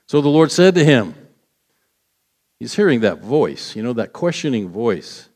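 A man preaches to his congregation in a relaxed, conversational way. His voice sits at a middle pitch. He acts out scripture quotes as he goes. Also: measured pace, pauses often. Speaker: pastor. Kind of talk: sermon.

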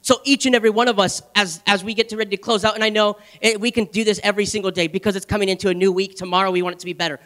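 High-voiced man preaching with fervor. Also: little pitch movement, racing, few pauses, a bit bright. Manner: impassioned, repetitive, laughing at his own stories. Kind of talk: sermon.

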